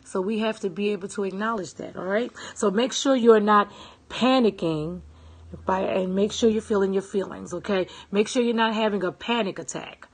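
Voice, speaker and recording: Woman, motivational talk, husky voice, emphatic, repeats herself. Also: medium pitch, moderate pace. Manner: emphatic, repeats phrases, checks in with "okay?" and "right?"; greets live viewers. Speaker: self-help speaker.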